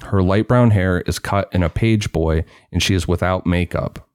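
A male podcast host who reads a true-crime account in a measured way and chats casually between passages. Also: deep voice, darkish tone, clean tone, no echo, clean studio sound.

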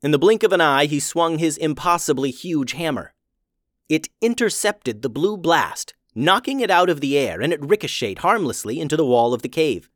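Man, storyteller, fantasy narration, animated pitch, dry close sound. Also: normal speed, dry recording. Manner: expressive storytelling.

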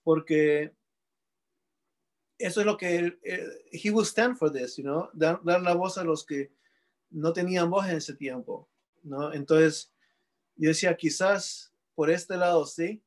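A man from Peru, a guest answering reflectively, with frequent restarts and some English mixed in. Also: on the high side. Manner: reflective, halting with many restarts. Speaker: sculptor guest. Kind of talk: interview answer.

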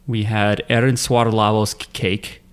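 A man's voice: fairly low pitch, level tone, smooth. A man co-hosting a podcast, chatting casually with a joking, rambling manner. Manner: joking, rambling, quick asides. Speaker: podcast co-host. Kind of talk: casual chat.

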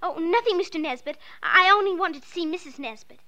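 A woman's voice: very high voice, animated, a little fast, pushed and bright, highs cut off, heavily acted. A woman playing a determined, earnest little girl in a 1940s radio drama. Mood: probing.

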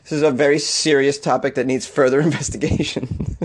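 A man's voice: medium pitch, level tone, fairly quick. A man hosting a comedic weird-news podcast, reacting with incredulous laughter and riffing loosely between read-outs. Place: Los Angeles.

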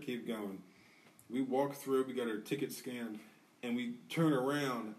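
With a medium-pitched voice captured from a distance, a man co-hosts a podcast and launches into a rowdy anecdote. He's animated and profane, acting out everyone's quotes in a laid-back way.

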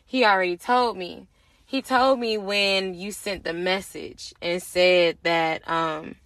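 A young woman hosting a podcast, telling a personal story in casual, profane, animated talk and acting out the other people's lines. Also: medium pitch, no echo. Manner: animated, profane, acts out quoted voices. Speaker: podcast host.

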